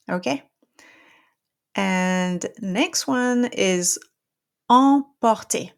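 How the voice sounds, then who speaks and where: Woman, French accent, French teacher, slow deliberate pace, patient, checks in often. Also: medium pitch, gravelly. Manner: patient, checks in with frequent "okay?". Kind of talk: pronunciation lesson.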